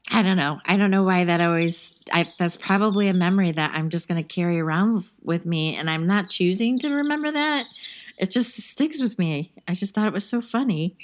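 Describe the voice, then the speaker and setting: A middle-aged woman hosting a podcast, chatty and quick to laugh in casual conversation. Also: lowish voice. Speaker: podcast host. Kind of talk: casual chat.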